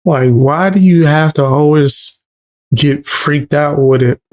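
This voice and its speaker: A man's voice: a little high, takes it slowly. Laid-back male co-host chiming in. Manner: laid-back, agreeing, laughing along. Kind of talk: casual chat.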